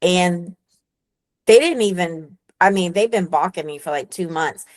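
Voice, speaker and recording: A woman's voice: fairly low pitch, a little slow. Chatty woman telling a client story. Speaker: real estate agent. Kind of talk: sharing a story on a group call.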